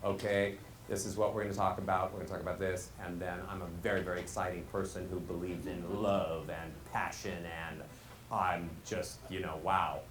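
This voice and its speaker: A man imitating a flat, droning speaker who talks on a single note. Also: sits low, moderate pace, noisy background, voice pushed down, lightly acted. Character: flat bored monotone man, one note. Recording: roomy echo, faint hall ambience.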